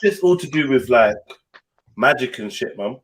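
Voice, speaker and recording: A man's voice: mid-range voice, moderate pace, slight background noise. A young man, telling a personal story in casual podcast chat, swearing freely and acting out the voices of the people in it. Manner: animated, swears freely, acts out voices in his stories. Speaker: podcast host.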